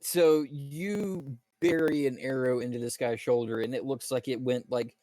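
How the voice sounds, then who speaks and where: A man narrating as dungeon master of a tabletop game, descriptive and halting, with fillers and restarts. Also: medium pitch, steady tone, mellow, dry recording.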